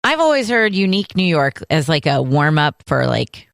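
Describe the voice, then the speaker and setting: A woman's voice: low-pitched, very animated, moderate pace, gravelly, a bit bright, no room sound, clean studio sound. A woman co-hosting a podcast, teasing her partner and leading the segment in casual chat. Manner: teasing, upbeat, leads the segment. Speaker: podcast co-host.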